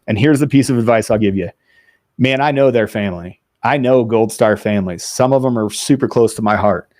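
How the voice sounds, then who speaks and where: A man's voice: mid-range voice, darkish tone, no echo, clean studio sound. A man hosting a podcast, telling stories in a blunt, profane, casual way. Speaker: podcast host. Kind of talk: casual veterans' podcast talk.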